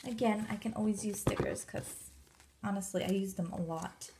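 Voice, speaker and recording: A woman vlogger unboxing a gift package, gushing and gasping with excitement. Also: medium pitch, normal speed, noisy background.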